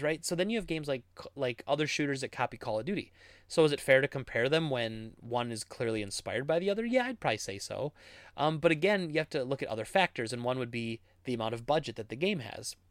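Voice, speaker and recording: A man's voice: medium pitch, fairly quick, no room sound. A man in his thirties who works in game retail, answering viewer questions in a rambling, casual way and acting out customers as he tells stories. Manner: rambling, animated storytelling with laughs and acted-out customer quotes.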